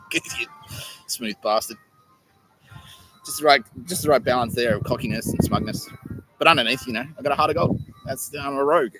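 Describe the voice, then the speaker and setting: Joking, swearing Aussie podcast host. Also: male voice, mid-range voice, poor audio. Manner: profane, joking, laughs often. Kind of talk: rambling casual monologue. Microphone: own camera.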